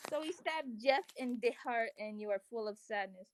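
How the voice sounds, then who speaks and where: A woman's voice: a little high, expressive, normal speed, no room sound. A woman reading silly fan fiction aloud in a playful, mock-dramatic way, giggling and joking as she goes. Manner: giggly, jokey, theatrical.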